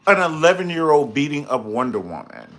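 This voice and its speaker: A man's voice: fairly high pitch, big pitch swings, brisk, fairly bright tone. A man reviewing a reality show on a live stream, sassy and dramatic, calling out to viewers in the comments as he gossips. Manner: sassy, dramatic and gossipy, full of slang asides.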